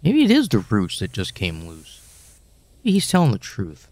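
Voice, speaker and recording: A man's voice: sits low, huge pitch swings, moderate pace, a little mellow, dry recording. Wry suspicious young gamer guy. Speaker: gaming channel host. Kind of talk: horror game commentary.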